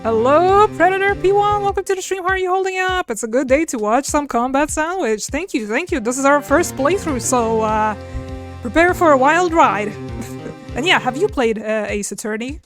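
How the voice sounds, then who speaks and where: A woman's voice: sits high, lively intonation, normal speed. A woman streaming a game live, chatting casually with her viewers. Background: game music.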